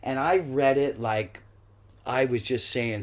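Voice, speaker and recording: A middle-aged man, a guest actor, telling a lively story in a podcast interview and acting out the voices in it. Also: medium pitch, slow pace. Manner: lively anecdotes, acts out quoted voices, swears.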